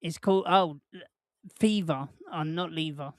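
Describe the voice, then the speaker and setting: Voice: mid-range voice, takes it slowly, dry recording, clean studio sound. A host, chatting casually on a live watch-along stream, rambling and jokey, laughing often and putting questions to the chat.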